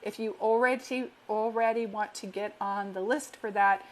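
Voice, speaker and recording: In a steady, medium-pitched voice at a moderate pace, a woman working as a psychic medium does a reassuring live-stream reading. She calls her listeners sweetheart with warmth and repeats affirmations earnestly.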